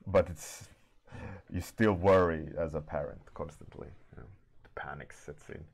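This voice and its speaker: A man streaming an art warmup and chatting casually with his live audience, telling stories in an easygoing, unhurried way. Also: rumbling low, steady tone, vocal fry. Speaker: artist streaming a warmup session.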